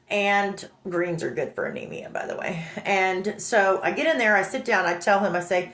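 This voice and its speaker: A woman telling a personal story in an animated, indignant way, acting out the dialogue. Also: mid-range voice, moderate pace. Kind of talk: emotional storytelling. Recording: roomy echo.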